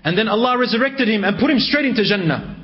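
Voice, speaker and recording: A man preaching a sermon in storytelling style, swinging between raised and hushed delivery. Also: high voice, animated, quick pace. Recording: dull lo-fi recording.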